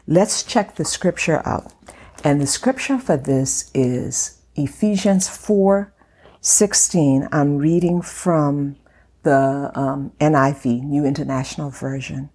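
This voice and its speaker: Liberian woman, faith vlog host, low husky voice, slow deliberate delivery with whispered asides. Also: mellow. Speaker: faith vlogger. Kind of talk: devotional talk.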